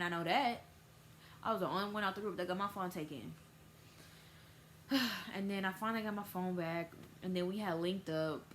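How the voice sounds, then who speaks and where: A woman's voice: a bit bright, slight background noise. A teenage girl telling a casual storytime vlog, acting out quoted voices. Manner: casual storytelling, acts out quoted voices with big pitch jumps. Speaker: vlogger.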